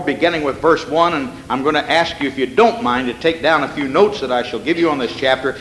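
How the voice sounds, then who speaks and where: A man's voice: fairly high pitch, fairly bright tone, a little hiss or hum. A male pastor giving an evening sermon in a church, reading scripture and pressing points with rhetorical questions and folksy asides. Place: church sanctuary. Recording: echoey hall with long reverb.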